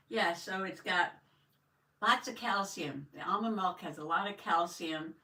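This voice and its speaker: A woman's voice: fairly low pitch, pushed and bright. An older woman hosting a casual live journaling stream, chatting with viewers and greeting them with a folksy "howdy". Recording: echoey room, mic at a distance.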